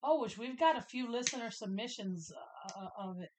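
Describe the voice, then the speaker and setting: A woman's voice: fairly high pitch, animated, brisk, background noise. A young woman hosting a podcast in playful, giggly casual chat. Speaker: podcast host.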